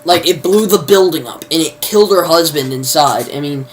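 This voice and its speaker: A man's voice: fairly high pitch, normal speed, a little hiss or hum, low-quality recording. A man reviewing a TV show in a loose spoken recap, rambling and leaning constantly on "you know" fillers. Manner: informal, mild swearing substitutes.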